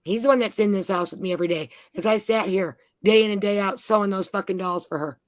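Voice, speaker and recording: Angry woman, mid-pitched, nonstop cursing, dry close-miked sound. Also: no echo. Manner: angry, swears constantly, rapid venting. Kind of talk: heated profane rant.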